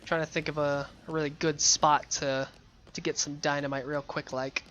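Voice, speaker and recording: A chatty man rambles playfully through a game session, his voice bright and slightly high. He jokes and muses in loose, casual commentary. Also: flat delivery, moderate pace, muffled recording, a little hiss or hum. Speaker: let's play gamer.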